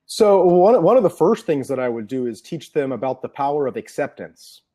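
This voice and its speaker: A man's voice: a little high, very animated, normal speed, mellow. A man being interviewed as an NLP trainer, explaining ideas earnestly and piling up examples.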